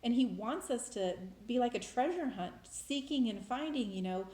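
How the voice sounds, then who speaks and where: Animated and fairly high-pitched, a vlogger talks at a moderate pace with few pauses in a slightly mellow voice. She tells her personal faith story in a casual, emotional, rambling monologue full of restarts, and the room echoes noticeably.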